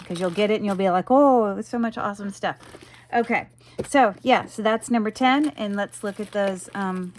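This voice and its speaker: Against a noisy background, a medium-pitched woman rambles through a casual showcase of the jewelry she's selling. She sounds enthusiastic and chatty, often saying um and you know.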